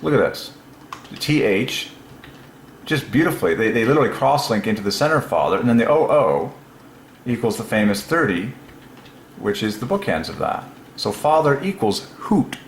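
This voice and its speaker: A man hosting his own channel, talking alone in a casual, excited way, musing aloud and laughing to himself, recorded on a lapel mic. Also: fairly low pitch, moderate pace, roomy sound, a little hiss or hum, poor audio. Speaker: religious channel host. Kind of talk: solo casual commentary.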